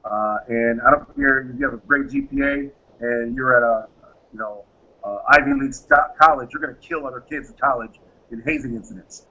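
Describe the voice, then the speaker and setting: Speaking fairly quickly with a sharp tone in a mid-range voice, the founder of a private security firm answers interview questions with emphasis and performs the conversations he describes. The recording sounds dull and lo-fi.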